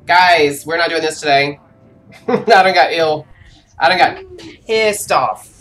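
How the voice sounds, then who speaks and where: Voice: mid-range voice, slow, fairly bright tone, slight background noise. A live-streaming gamer giving casual commentary to viewers, narrating moves aloud, swearing freely at setbacks and laughing the frustration off. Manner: narrates own moves aloud, chatty and exclamatory.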